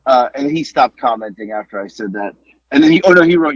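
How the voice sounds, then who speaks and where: Man, podcast co-host, casual banter, swears, raspy voice, muffled dry audio. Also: medium pitch, fast talker, dry recording. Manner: animated storytelling, swearing, exclamations.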